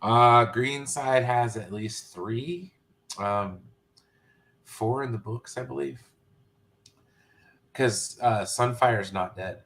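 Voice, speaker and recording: A man chatting casually about a TV finale, relaxed and hesitant with fillers. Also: mid-range voice, takes it slowly, pauses often. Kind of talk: casual spoiler chat.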